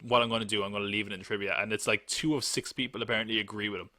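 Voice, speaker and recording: A man's voice: lowish voice, steady tone, very fast, bright, forceful tone, no room sound, studio quality. A man hosting a live podcast in a casual chat, rambling and joking and laughing often. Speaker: podcast host.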